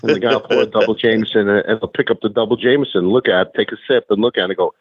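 Middle-aged man, guest on the phone, husky, muffled phone line, chatty storyteller. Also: on the low side, very fast, no echo. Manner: storytelling, chatty, many restarts. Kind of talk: casual interview chat. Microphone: phone call.

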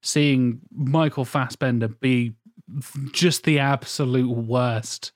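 A man in his thirties talks about films in casual, rambling podcast chat. He swears freely and gushes about what he loves. His voice sits at a middle pitch and sounds dry and close, with no room around it. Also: fairly even intonation, takes it slowly, no room sound. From England. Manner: enthusiastic, swears often, rambling. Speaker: podcast co-host. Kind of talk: casual film discussion.

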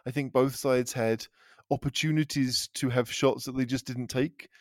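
A man's voice: mid-range voice, fairly even intonation, normal speed, dry recording. A man joins a casual football podcast as a regular panelist, talking through the match thoughtfully with frequent restarts. The sound is dry and close. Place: Vienna.

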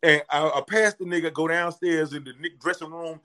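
A man's voice: fairly high pitch, normal speed. A man, telling a story in casual chat and acting out the voices in his quotes. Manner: animated, acts out voices in quotes. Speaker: comedian guest telling a story.

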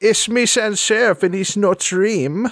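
A man's voice: high-pitched, a little slow, a bit bright, no echo, studio quality, pitched above the performer's own voice. A man voicing a flirty female thief in a comedic tabletop role-play, with a teasing sing-song manner. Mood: playful.

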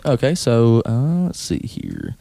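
Animated, laughing podcast guy. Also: takes it slowly, vocal fry, dry recording. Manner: jokey, laughing, swearing, animated pitch swings. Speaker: podcast co-host. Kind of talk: casual comedy podcast banter. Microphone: podcast microphone.

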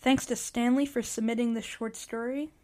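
A woman hosting a story podcast, reading short stories aloud in a steady, expressive way. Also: fairly high pitch, moderate pace, heavy background noise. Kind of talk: story narration.

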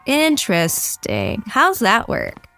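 A woman's voice: fairly high pitch, wildly swooping pitch, takes it slowly, bright, forceful tone, faint music behind, full character voice. A woman playing a cocky wasteland drifter. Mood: sardonic. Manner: sardonic, cocky. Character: brash young female wasteland drifter.

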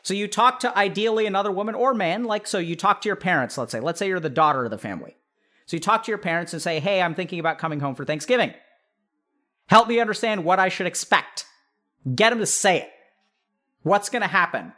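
A man with a notably high voice hosts an advice podcast in a casual, off-the-cuff monologue. He talks animatedly, leans on "like" and "right?", and keeps breaking into quick impressions of the people he describes. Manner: animated, acts out imagined family members mid-sentence; frequent fillers "like" and "right?". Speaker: podcast host giving advice.

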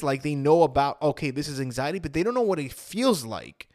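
Man in an emotional storytelling monologue, slightly higher voice, dry close recording. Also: very animated, a little fast, few pauses, a little mellow, no echo. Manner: earnest, emotional, acts out his past thoughts with "I'm like". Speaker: vlogger sharing his personal story.

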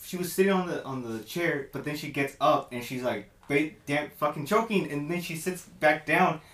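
A man telling an excited, rambling story to his podcast co-hosts. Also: a little high, moderate pace, recorded from a distance. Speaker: podcast co-host. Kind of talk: casual chat, storytelling. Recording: echoey room, off-mic.

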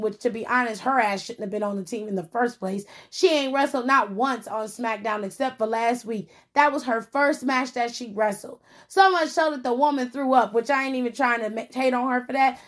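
A woman giving blunt, profane wrestling commentary in a casual, sassy way. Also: on the high side.

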